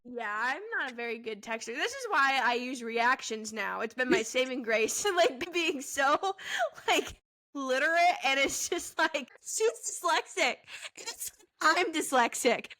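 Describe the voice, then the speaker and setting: High, bright twenties woman, podcast co-host, giggly and rambling, heavy "like" user. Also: expressive, measured pace. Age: 20s. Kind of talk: casual chat.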